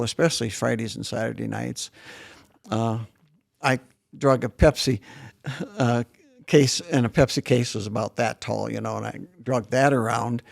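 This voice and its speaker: A man's voice: medium pitch, vocal fry. A man in his late seventies from northern South Dakota, whose first language was German, telling his life story as an interview guest in a leisurely, reminiscing way with frequent restarts. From northern South Dakota, USA. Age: 70s. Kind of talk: casual interview conversation.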